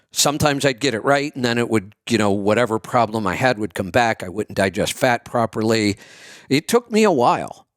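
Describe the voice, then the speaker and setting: A man's voice: lowish voice, dry recording, clean studio sound. Chatty man hosting a call-in show. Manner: chatty, retells stories with acted quotes. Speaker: radio show host. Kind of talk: call-in health advice.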